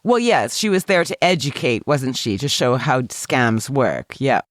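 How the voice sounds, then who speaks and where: A woman's voice: a bass voice, lively intonation, unhurried, dry recording, clean studio sound. Wry, teasing woman co-hosting a podcast. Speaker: podcast co-host. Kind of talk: casual podcast chat.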